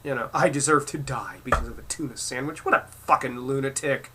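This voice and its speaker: A man's voice: medium pitch, brisk, pushed and bright, slight background noise. A man delivering a profane, mocking rant as a commentary vlogger, heated and insulting. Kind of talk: angry rant reacting to clips.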